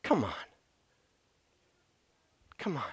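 In a church sanctuary, a male pastor preaches a sermon very slowly but animatedly. He swings from soft asides to loud outbursts and gets out of breath.

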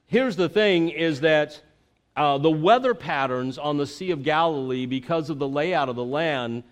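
A middle-aged man from Florida, giving a conversational sermon as pastor, halting with many fillers and restarts. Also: on the high side.

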